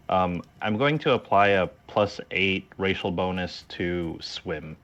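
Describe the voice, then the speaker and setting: A man's voice: low voice, slow, hardly any pauses, fairly bright tone, dull audio. A man playing in a tabletop game, describing his character's actions in a hesitant way with many ums and uhs. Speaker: player.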